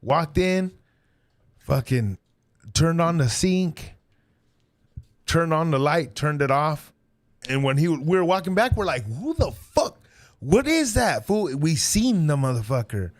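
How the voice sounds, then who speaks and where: Animated, excitable man swapping stories. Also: fairly high pitch, a little slow, pauses often. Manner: excitable, slangy, swears, calls people "fool". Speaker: podcast co-host. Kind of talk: casual chat, storytelling.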